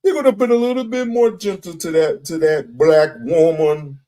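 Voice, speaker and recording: A man's voice: on the high side, normal speed, mellow, low-quality recording. A man giving a heated commentary rant, blunt and profane, repeating himself for emphasis.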